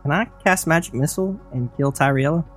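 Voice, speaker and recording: A man's voice: fairly high pitch, brisk. A man playing a tabletop role-playing game switches between speaking in character and describing his actions. He sounds playful and urgent. Faint music runs underneath. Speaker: player.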